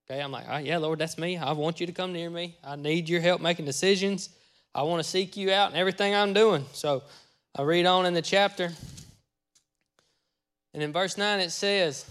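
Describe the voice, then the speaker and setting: Man, pastor, testimony sermon, folksy storyteller, loud acted-out bursts, fairly high voice. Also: a little fast, smooth. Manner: folksy storytelling, acting out his own lines with sudden loud bursts.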